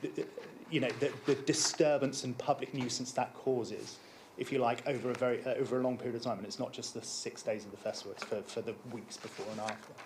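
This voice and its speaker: A man explaining his licensing application at a council hearing, measured and often repeating words as he starts a sentence. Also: medium pitch, fairly even intonation, background noise.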